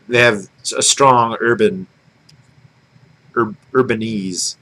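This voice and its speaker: A man's voice: on the low side, sharp tone, low-quality recording. Rambling man from Michigan. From Michigan, United States. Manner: rambling, musing, many fillers and self-corrections. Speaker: video blogger. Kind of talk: casual talk to camera.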